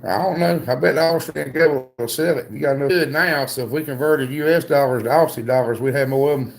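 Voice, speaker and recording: Man, livestream co-host, easygoing joker, mid-pitched, rambling delivery. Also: fast talker, gravelly. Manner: joking, rambling, drawling with filler "uh"s. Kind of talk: casual livestream chat.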